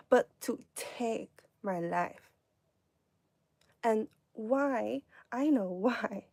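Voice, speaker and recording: A woman's voice: fairly high pitch, gravelly, dark tone. A woman talking to viewers on a live stream, mocking and sarcastic, sometimes dropping to a whisper. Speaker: livestreamer.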